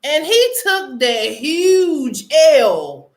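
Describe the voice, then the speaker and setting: A high-voiced woman hosts a casual news commentary show. She talks very slowly and stretches her words out for drama. Her pitch swoops up and down freely as she teases her listeners and laughs along. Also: big pitch swings. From United States. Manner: playful, laughing, drawn-out dramatic delivery. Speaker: online show host.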